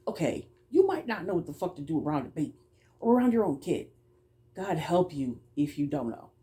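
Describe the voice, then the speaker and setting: A woman's voice: on the low side, big pitch swings, warm tone. A woman who runs a childcare business, telling a story casually, bluntly and with swearing, stumbling over words now and then. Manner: talks fast at times. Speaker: childcare provider.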